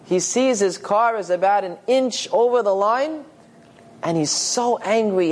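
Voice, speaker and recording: Man, sermon storytelling, dramatic, animated, high voice. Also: measured pace. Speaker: storyteller, religious speaker.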